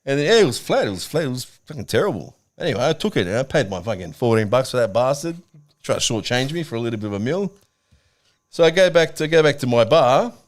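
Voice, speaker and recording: A man with an Australian accent telling a pub story in casual chat, blunt and swearing, with lots of animated storytelling. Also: mid-range voice, fast. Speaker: podcast co-host.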